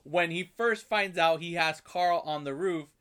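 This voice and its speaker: A man with a bright, forceful voice, sitting slightly high for a man, recaps a movie in loose casual chat. He acts out the characters' lines as he goes and swears freely. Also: a little slow, clear, resonant tone. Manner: animated storyteller, acts out lines with big jumps in pitch and loudness, swears.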